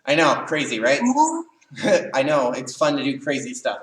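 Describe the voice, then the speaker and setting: A man teaching a live online karate leadership class, animated and acting out students' cries. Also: medium pitch, a little slow. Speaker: karate instructor. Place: karate studio, echoey room. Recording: echoey room, voice far from mic.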